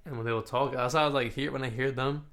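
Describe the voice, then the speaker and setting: Young American man, gravelly voice, relaxed storyteller, easy laugh. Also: medium pitch, fast. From United States. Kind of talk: casual chat.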